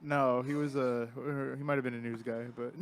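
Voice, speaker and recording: A man's voice: mid-range voice, little pitch movement, normal speed, smooth. A man from Pomona, California, chats casually on a podcast in a mid-range voice. He is laid-back and laughs through his words. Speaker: podcast guest. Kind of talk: casual chat.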